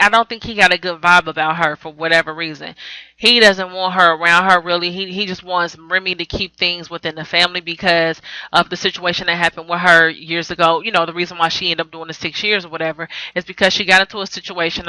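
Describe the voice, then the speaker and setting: This TV recap vlogger has a lowish, sharp-toned voice, captured in a rough recording with no room sound. She runs through a reality TV episode bluntly and profanely, full of sass, wandering off track and correcting herself as she goes.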